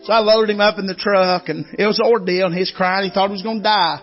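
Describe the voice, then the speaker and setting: A man's voice: high-pitched, steady tone, quick pace, muffled recording, faint music behind. A man, preaching a sermon in a folksy storytelling way and calling out to the congregation. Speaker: guest preacher. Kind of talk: Southern revival sermon.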